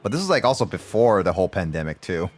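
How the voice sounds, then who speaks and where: A man's voice: sits low, sing-song, fast talker, faint music behind. A man hosting a livestream, chatting casually with friends in a rambling way, full of restarts and fillers. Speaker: livestream host. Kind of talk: casual chat among friends.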